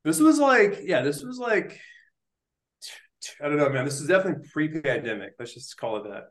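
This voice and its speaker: This young man, a neuroscientist on a casual interview, spins an animated, slang-heavy story stuffed with "likes" and "dudes." His fairly high voice moves a little fast in an echoey room.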